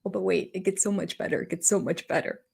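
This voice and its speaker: A woman's voice: medium pitch, steady tone, fast talker, vocal fry, very noisy. An older woman giving sarcastic, amused reaction commentary on a reality show, often laughing. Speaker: YouTube commentator.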